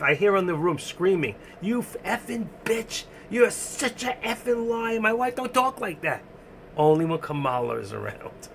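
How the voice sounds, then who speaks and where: A man with a New York accent hosts a casual live stream. His gravelly voice carries over a faint hiss of background noise. He talks bluntly, rambles and laughs often. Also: mid-range voice, fairly bright tone.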